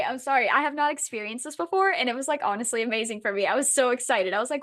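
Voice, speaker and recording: A woman's voice: a little high, quick pace, hardly any pauses. A young woman co-hosting a book podcast, chatting casually and animatedly, swearing and acting out quotes. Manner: animated, swearing, dramatic quoting. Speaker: podcast co-host. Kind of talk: casual chat.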